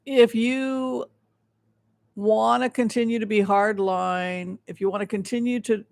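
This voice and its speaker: High-voiced gravelly man, rambling. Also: fairly even intonation, a little slow, darkish tone, no echo. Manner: rambling with frequent restarts, emphatic. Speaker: psychic show host. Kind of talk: livestream tarot and remote-viewing commentary.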